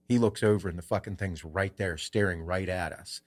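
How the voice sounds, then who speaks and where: A man hosting a podcast, telling a story in a casual, animated way and swearing freely. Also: low-pitched, a little fast. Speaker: podcast host.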